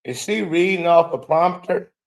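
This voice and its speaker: A man's voice: on the high side, moderate pace, creaky, very noisy. A man hosting a show, mocking and incredulous as he comments on a replayed clip and mimics the speaker. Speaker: show host reacting to a clip.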